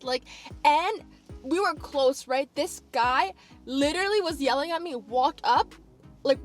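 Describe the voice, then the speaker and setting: A young woman vlogger telling a casual storytime, animated, acting out the other people's lines. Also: high-pitched. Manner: animated, acts out quotes.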